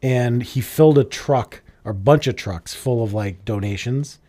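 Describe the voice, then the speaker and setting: A man's voice: mid-range voice, normal speed, warm tone. A man co-hosting a podcast who chats casually, teasing his partner with crude jokes. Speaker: podcast co-host. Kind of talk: casual chat.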